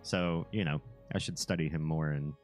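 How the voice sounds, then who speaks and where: Male streamer with a very deep bass voice; loose, rambling casual chat with frequent chuckles, soft music behind. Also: steady tone, normal speed. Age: young adult to middle-aged, a parent. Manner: rambling, easygoing, chuckles often.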